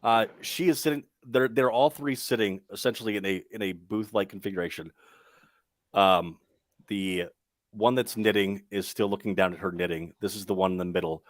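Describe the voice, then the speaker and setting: A young man with a low voice runs a tabletop game, talking his way through the scene with plenty of ums and restarts. The sound is dry and close, with little room around it. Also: steady tone, moderate pace, dry recording. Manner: rambling, full of ums and restarts. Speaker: game master.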